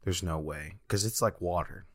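A man's voice: deep voice, normal speed, no echo, studio quality. A young man from Texas chatting casually on a podcast, easygoing and joking as he rambles. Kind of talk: casual chat.

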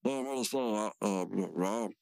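A man's voice: fairly low pitch, moderate pace, gravelly, a little mellow. A man co-hosting a podcast, recapping a cartoon in rambling, filler-heavy casual chat. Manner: rambling, repetitive, lots of fillers. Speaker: podcast co-host.

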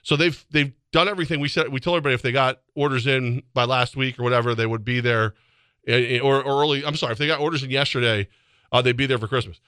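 A man co-hosting a sports radio show in casual banter, telling stories animatedly and jumping into high voices to quote people. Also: fast talker, clear, resonant tone, dry recording, clean studio sound. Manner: animated storyteller, jumps into high voices when quoting people.

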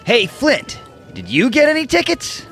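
A woman's voice: fairly high pitch, wildly swooping pitch, unhurried, soft background music. A woman voicing a sly, cocky male card player who coaxes people into bets. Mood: upbeat.

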